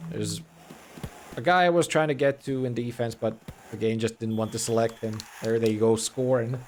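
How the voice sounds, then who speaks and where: A man's voice: mid-range voice, moderate pace, slight background noise. A young man with a Finnish accent chats loosely over a game stream, mumbling and letting his words run together. His voice sits in a middling register. A faint room ambience hums behind him. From Finland. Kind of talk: casual gameplay commentary.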